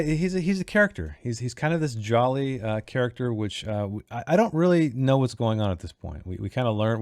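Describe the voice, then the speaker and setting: A man hosting a book club read-along, reading passages aloud and then thinking out loud with lots of fillers and restarts. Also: medium pitch, no echo, studio quality. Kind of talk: casual read-along discussion.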